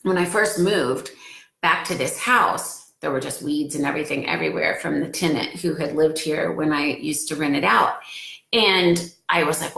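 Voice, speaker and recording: A woman's voice: deep voice, moderate pace, gravelly, fairly bright tone, reverberant. A woman in her forties talking casually and earnestly to her followers on a live stream from home, getting emotional as she speaks. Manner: emotional, earnest, gets choked up.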